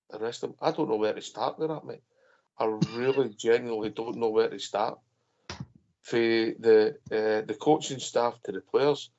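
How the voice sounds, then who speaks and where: A man's voice: lowish voice, darkish tone. A man hosting a football phone-in, giving a blunt, frustrated match review and calling his co-host mate. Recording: dull lo-fi audio.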